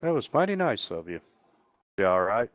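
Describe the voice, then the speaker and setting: A man's voice: on the low side, very animated, normal speed, dry recording, highs cut off. A man running a tabletop game as game master over voice chat, laid-back and teasing.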